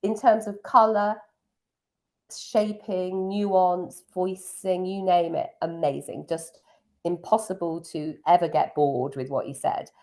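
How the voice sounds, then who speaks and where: A middle-aged woman who teaches piano looks back fondly on her student days in a casual interview chat, filling the pauses with lots of ums. Her voice sits on the low side with a steady, darkish tone, and she takes her time.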